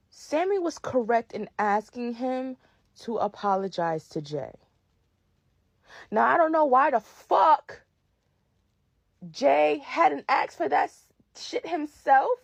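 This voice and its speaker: Fired-up, gravelly woman ranting. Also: sits high, dry recording. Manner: profane, emphatic, fired-up. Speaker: podcast host. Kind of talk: heated wrestling commentary rant.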